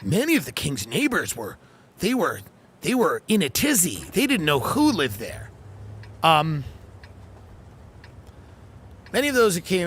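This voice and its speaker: A man's voice: fairly high pitch, wildly swooping pitch, measured pace, long pauses, fairly bright tone, slight background noise. A man hosting a comedy podcast, reading a news article aloud and breaking off into sarcastic joking asides.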